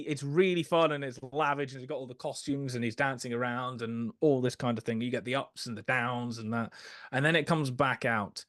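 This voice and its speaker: A man's voice: mid-range voice, a bit bright, dry recording, studio quality. A man casually talking through an old musical film as a podcast co-host, hesitant, with many fillers and restarts. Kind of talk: casual film review chat.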